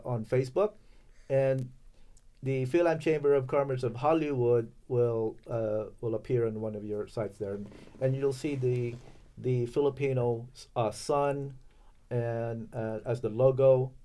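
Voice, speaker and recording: Podcast guest: man from Los Angeles, mid-pitched, chatty and halting, leans on fillers. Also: mellow. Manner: halting, many fillers and restarts. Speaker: podcast guest, chamber of commerce president. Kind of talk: casual interview chat.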